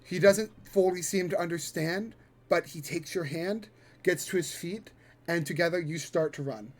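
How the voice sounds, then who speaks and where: A man running a tabletop role-playing game and narrating the scene, with fillers and the odd curse. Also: fairly high pitch. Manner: descriptive, halting with fillers and swears. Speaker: game master.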